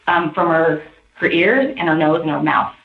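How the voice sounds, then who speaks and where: A woman giving halting, rambling witness testimony in a police interview, heard on a tinny recording from far off. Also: low voice, reverberant. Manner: halting, rambling, full of restarts.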